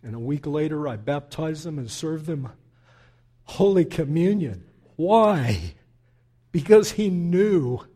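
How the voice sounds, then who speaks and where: An older male pastor preaching a sermon, telling a story with animated energy that settles into soft, prayerful speech. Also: on the high side, breathy edge.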